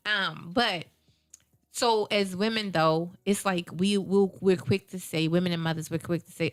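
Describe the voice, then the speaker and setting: A woman's voice: fairly low pitch, steady tone, a little slow, smooth, no echo, clean studio sound. A woman hosting a radio talk show, chatting casually and emphatically, repeating herself and acting out quotes.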